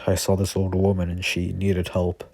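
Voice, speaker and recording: A man voicing an eager young male hero, with halting delivery. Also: deep voice, monotone, gravelly, a little mellow. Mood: earnest. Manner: halting, filler-heavy delivery.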